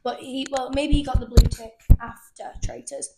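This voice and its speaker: A woman's voice: high voice, fairly even intonation, normal speed, vocal fry, heavy background noise. A young woman co-hosting a podcast, chatty and gossipy. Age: young adult. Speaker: podcast co-host. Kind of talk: casual chat.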